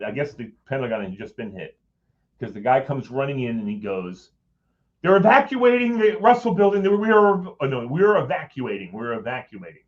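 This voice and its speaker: A man telling a personal story in a rambling, casual way, with some swearing, acting out what others said. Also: medium pitch. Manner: rambling, swears, acts out quoted voices. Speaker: former Capitol Hill staffer telling a story. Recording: dull lo-fi audio.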